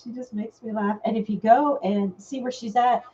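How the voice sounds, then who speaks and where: A woman's voice: on the high side, steady tone, moderate pace, mellow, dull audio, slight background noise. A woman hosting a casual live vlog, chatting with viewers by name and laughing often. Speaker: vlog host. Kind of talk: casual live-stream chat. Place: home.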